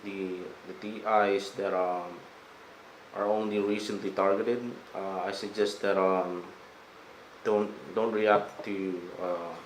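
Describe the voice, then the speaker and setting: A man in a casual conversation, talking hesitantly and haltingly with many fillers. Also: low voice, level tone, echoey room, a little hiss or hum, rough recording. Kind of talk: casual chat.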